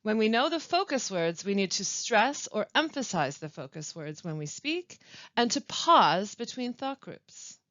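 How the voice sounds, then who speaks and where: A woman who works as a language support specialist, presenting a pronunciation webinar with clear, deliberate teaching and careful pauses. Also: mid-range voice, big pitch swings, fairly bright tone, dry recording. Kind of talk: instructional webinar narration. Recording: dull, lo-fi dry voice-over.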